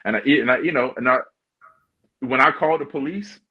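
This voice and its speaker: A man hosting a podcast, telling a story in a relaxed, slangy way. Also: mid-range voice, fairly quick, husky. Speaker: podcast host. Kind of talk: casual storytelling. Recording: dull lo-fi sound.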